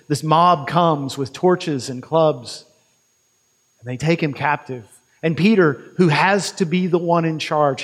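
A male preacher retelling a story in a sermon, vivid and conversational, with quick restarts. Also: on the high side, long reverb tail.

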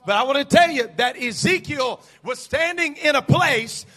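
A male pastor delivers a fiery sermon in a very high voice. His tone is bright and forceful, and he climbs into shouted, emphatic bursts. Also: moderate pace.

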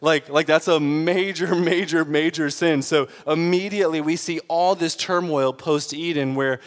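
Man, slightly high voice, casual sermon delivery that swells into emphatic points. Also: steady tone, normal speed, in a large hall. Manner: earnest, conversational preaching with rising emphasis. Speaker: pastor.

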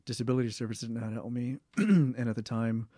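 A young man in a casual interview, talking in a rambling way with many fillers, restarts and throat clearing. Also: mid-range voice, fast, mellow, no echo, studio quality. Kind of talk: casual oral history interview.

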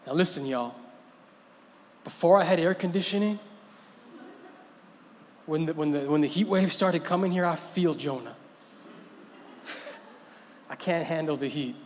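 A male preacher with a fairly high voice who talks in an unhurried, deliberate way. He keeps the sermon conversational and playful, breaking into laughs between points. His words ring out with a long reverb in a church hall. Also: slight background noise. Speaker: pastor.

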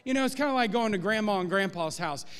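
A man preaching a sermon as pastor of a church, animated and rising in force on key points. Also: high voice, fast talker, smooth, in a large hall. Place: church sanctuary.

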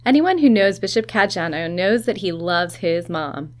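A woman host reading scripted narration that introduces guests, with a smooth presenter delivery. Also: on the low side, lively intonation, moderate pace.

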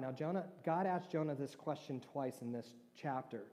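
A man's voice: fairly high pitch, animated, moderate pace, hardly any pauses, darkish tone. A man preaching a sermon as a pastor, talking conversationally and putting questions to his listeners. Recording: long reverb of a large hall.

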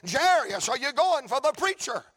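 A man voicing a curious passerby who keeps asking questions in a high, insistent voice. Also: very animated, moderate pace, fairly bright tone, no room sound, clean studio sound, heavily acted. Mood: questioning. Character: curious adult male passerby, eager and questioning.

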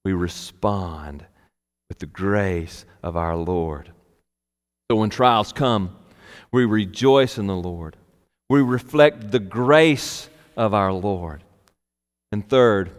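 A man preaching a sermon as a pastor, slow and emphatic, repeating key phrases for weight. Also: lowish voice. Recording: long hall reverb.

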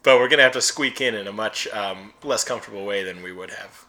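A man's voice: lowish voice, fast, sharp tone, slight background noise. A man co-hosting a sports podcast, rambling loosely in profane, casual fan talk. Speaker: podcast co-host.

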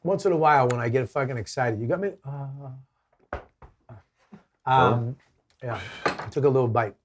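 A man's voice: medium pitch, unhurried, background noise. A man chatting as a guest, teasing his friends and swearing freely. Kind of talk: casual chat.

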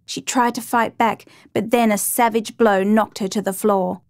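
A woman narrating a true crime story in a steady, measured reading voice. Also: mid-range voice, no echo, clean studio sound.

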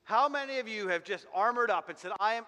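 A man with a very high, bright voice delivers a fervent sermon, repeating phrases and restarting as he drives each point home. His words ring out with a long reverb from a church hall. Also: fast. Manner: fervent, repetitive preaching with many restarts. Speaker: pastor.

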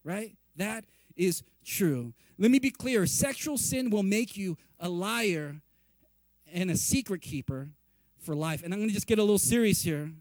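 A male pastor preaching a sermon in a conversational, animated way, acting out quoted reactions and often asking "right?". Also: high voice, unhurried, no room sound. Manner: conversational, repeatedly asks "right?".

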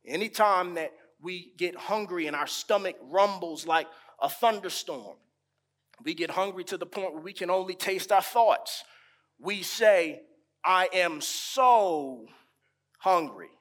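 A man preaching a sermon, pausing dramatically and drawing out key words, building emphasis on repeated phrases. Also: high voice, fairly bright tone. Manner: slow, dramatic pauses, stretched key words.

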